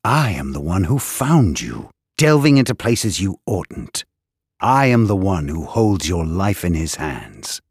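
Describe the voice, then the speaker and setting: A male narrator voicing a cruel, sadistic prison warden who taunts his captive in a slow, husky, gloating voice. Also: low voice, sing-song, no room sound, clean studio sound, heavily acted. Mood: menacing. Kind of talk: audiobook character voice.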